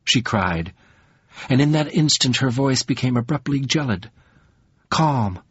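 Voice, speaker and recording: A man narrating an audiobook in a measured, deliberate reading. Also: medium pitch, lively intonation, a bit bright, slightly rough, no room sound. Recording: dull, lo-fi sound.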